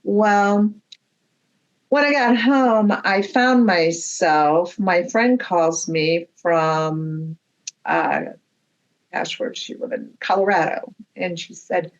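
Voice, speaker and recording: Lively woman telling a story slowly. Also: lowish voice, lo-fi sound. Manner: animated storyteller who acts out quoted dialogue. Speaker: guest medium. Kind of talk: storytelling in a podcast conversation.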